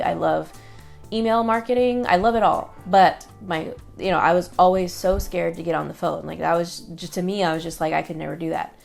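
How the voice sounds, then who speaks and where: A woman's voice: lowish voice, gravelly, darkish tone. A woman talking to camera in a casual vlog, chatty and upbeat, with lots of fillers and quoted asides. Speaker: online business creator.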